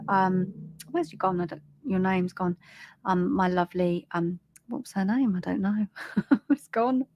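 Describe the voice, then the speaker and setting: A British woman giving live spiritual readings on a stream, speaking gently with many ums and restarts. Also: medium pitch. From Britain. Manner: halting, full of ums and restarts, gentle and soothing. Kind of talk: live-stream psychic reading, casual and chatty.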